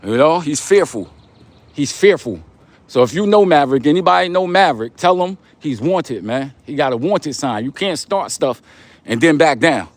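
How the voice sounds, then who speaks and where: A man's voice: a little high, animated, moderate pace, dry recording. A young man from Long Island, hosting a casual livestream, giving motivational talk in street slang and repeating his points. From Long Island, New York. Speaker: livestream host.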